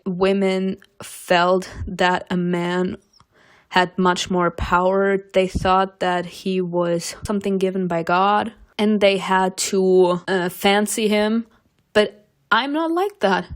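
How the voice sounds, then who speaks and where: Sassy young woman reacting to a game. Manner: sassy, emphatic, jumps up in pitch when protesting. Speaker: channel host playing a story game. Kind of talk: casual reaction commentary.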